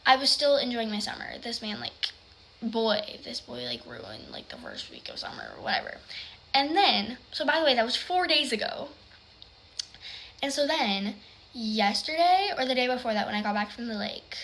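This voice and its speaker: A woman telling a personal story in casual chat, rambling with lots of "like" and sometimes dropping to a hushed whisper. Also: on the high side, a little hiss or hum. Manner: rambling, heavy use of "like".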